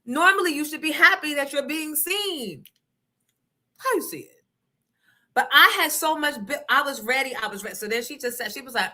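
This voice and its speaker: A middle-aged woman hosting a livestream, chatting casually and telling stories in an animated, profane way, acting out the other people in them. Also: high voice, a little fast. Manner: animated, profane, acts out voices in her story. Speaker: livestream host. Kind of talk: casual chat, storytelling.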